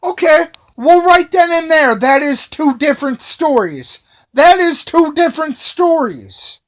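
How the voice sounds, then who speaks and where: Brief: high-pitched man, slow delivery, indignant repetitive rant straight to camera. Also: big pitch swings, fairly bright tone. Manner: repetitive, indignant, repeats phrases again and again. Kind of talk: angry ranting monologue.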